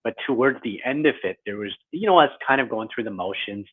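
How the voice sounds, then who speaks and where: A man's voice: medium pitch, animated, fast talker, slightly rough. A man in his forties, a guest author, talking through his career in a reflective, lightly self-deprecating way. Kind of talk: conversational interview. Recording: tinny phone-like line.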